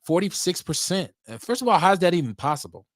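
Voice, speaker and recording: A middle-aged man talks at length on his own podcast, drifting loosely from one subject to the next. His voice sits at an average pitch but jumps up often as he gets going. The sound is dry and close, with no room around it. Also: a little fast, no echo. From Milwaukee, USA. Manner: rambling, talkative, lively swings in pitch. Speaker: podcast host. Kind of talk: casual solo talk show.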